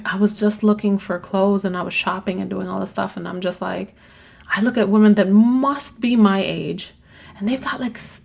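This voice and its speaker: A woman's voice: mid-range voice, vocal fry, darkish tone. A woman hosting her own podcast, talking candidly in a rambling personal monologue, swearing casually and trailing off mid-thought. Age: adult with children. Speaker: podcast host.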